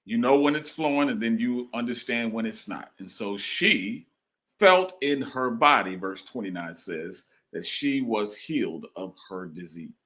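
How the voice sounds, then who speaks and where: A man delivers a sermon with an animated, swinging delivery. His voice is bright and forward, and he repeats phrases to drive points home, calling out to the congregation. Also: mid-range voice, measured pace. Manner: call-and-response preaching, repeats phrases. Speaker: preacher. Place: church.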